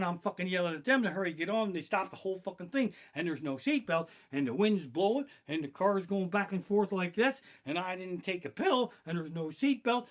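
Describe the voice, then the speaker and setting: A man doing stand-up comedy live from his living room, his voice fairly high and bright. He swings wildly in pitch, dropping low for asides and leaping up into shouted panic. The delivery is loose, profane and animated. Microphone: basic home streaming mic.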